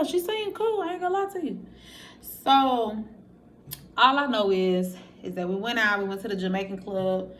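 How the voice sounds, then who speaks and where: Here a woman of medium pitch talks at a brisk clip, with faint hiss or hum behind her. As a vlogger addressing viewers directly, she recounts her own experience casually and profanely, lively as she mimics what others told her.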